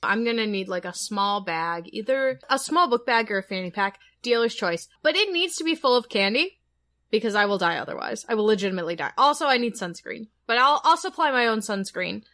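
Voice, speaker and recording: A woman's voice: a little high, lively intonation, a little fast, pushed and bright. A woman co-hosting a podcast in casual chat, giggly and playful. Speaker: podcast co-host.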